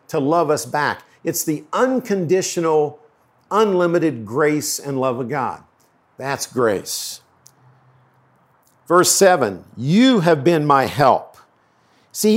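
A man preaching a sermon as a pastor, talking in an earnest, conversational way. His voice sits a little higher than most men's.

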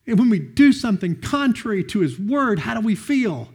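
A middle-aged male pastor preaches a sermon at a moderate pace with few pauses, his slightly husky voice lively and rising and falling, pitched a little high for a man. He shifts easily from earnest teaching to relaxed stories from his own life.

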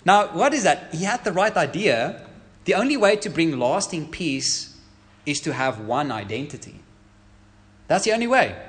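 A man preaching a sermon as a pastor, emphatic, asking the congregation rhetorical questions. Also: on the high side.

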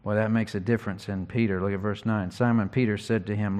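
A man preaching an expository sermon, teaching earnestly and reading scripture slowly with emphasis. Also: fairly low pitch, steady tone, a little mellow, dull audio.

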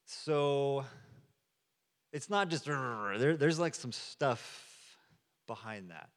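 Speaking very slowly and expressively, a mid-range-voiced pastor delivers a storytelling sermon in a church sanctuary, acting out the quotes along the way. The recording has long hall reverb.

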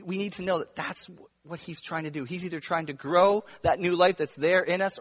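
A male pastor preaching a sermon, moving between hushed, intimate stretches and emphatic, raised passages. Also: fairly high pitch. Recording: long reverb of a large room.

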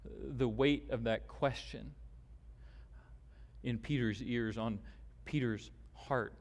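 A man preaching a sermon as pastor, deliberate and emphatic, with long pauses. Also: mid-range voice, fairly even intonation. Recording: long hall reverb.

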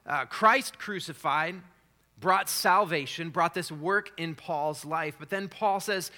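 Bright-voiced man preaching. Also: on the high side, slow. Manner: conversational preaching with fillers and restarts. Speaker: pastor. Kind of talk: sermon.

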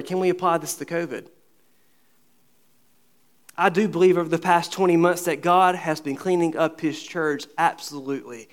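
A man preaching a sermon to his congregation, asking rhetorical questions and acting out the dialogue of the scripture story. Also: on the high side. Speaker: pastor.

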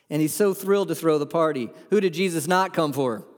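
A man's voice: a little high, lively intonation, a little fast. A man preaching a sermon as a pastor, earnest and emphatic, asking the room rhetorical questions. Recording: long hall reverb.

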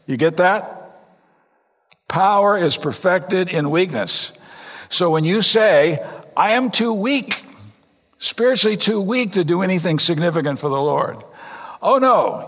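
An older man from California preaching a sermon as a pastor, talking conversationally and swinging between emphatic high points and low, quiet asides. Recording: long reverb of a large hall.

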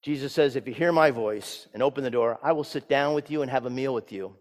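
A man pastor giving a sermon, swinging from loud emphatic peaks down to soft hushed lines. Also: mid-range voice, fairly quick. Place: church sanctuary. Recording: church sanctuary with long reverb.

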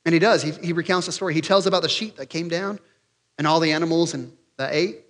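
A man preaching a sermon as pastor, animated and excitable, acting out the voices of the people he quotes. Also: fast, in a large hall. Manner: animated, acts out quoted voices, raises pitch and volume for emphasis; excitable, loses his place in notes.

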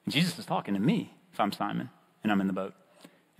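A man preaching a sermon with playful storytelling and a husky voice. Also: lowish voice, big pitch swings, fast talker. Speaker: pastor. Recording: long reverb of a large hall.

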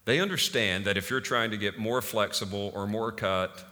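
A man's voice: lowish voice, moderate pace, bright, forceful tone. A man preaching a sermon as pastor in a casual, conversational way, with frequent fillers. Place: church hall. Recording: long hall reverb.

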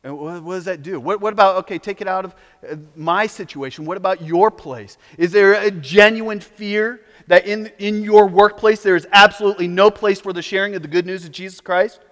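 A man preaching a sermon as pastor, animated, sometimes mocking the voices of opponents. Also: sits high, fairly quick, big-room sound.

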